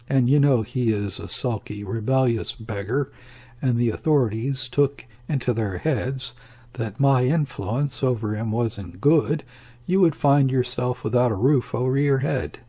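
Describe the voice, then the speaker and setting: A worried, fussy older father, as a male narrator puts him on, pressing his point in urgent rushes. The voice has a husky grain and an unhurried underlying pace, pitched in an ordinary middle register. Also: warm tone. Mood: fretful. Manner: urgent, fretful, talks in rushes.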